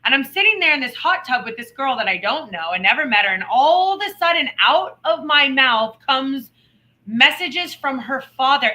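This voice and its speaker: A woman co-hosting a podcast, telling stories in animated casual chat with quick asides. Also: sits high, rough recording. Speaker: podcast co-host.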